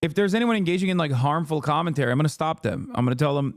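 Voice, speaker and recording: A man hosting a livestream, giving heated political commentary in a loud, profane, ranting way. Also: a little high, expressive, racing, no room sound, clean studio sound. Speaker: livestream host reacting to clips.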